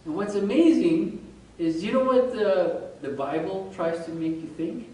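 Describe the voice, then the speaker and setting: High-voiced man lecturing in an echoey room. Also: unhurried. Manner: animated, quizzes listeners, chuckles. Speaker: religious study teacher. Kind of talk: informal lecture to a group. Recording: very echoey room, far from mic, faint rumble.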